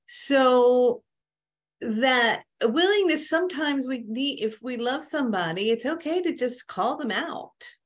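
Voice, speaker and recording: On an online group call, a woman spiritual coach talks casually, telling stories full of asides in a conversational way. Her voice sits high, with lively intonation and a slow pace.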